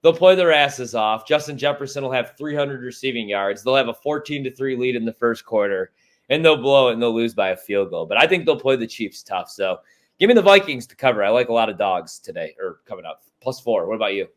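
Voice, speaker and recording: A man's voice: medium pitch, lively intonation, brisk. A man from Chicago hosting a sports podcast, giving blunt, profane, opinionated takes in casual chat.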